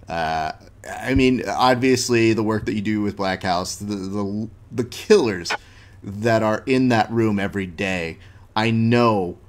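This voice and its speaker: A man's voice: fairly low pitch, measured pace. A young man hosting a podcast in a laid-back, slangy chat, full of "dude" and storytelling. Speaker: podcast host. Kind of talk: casual interview chat.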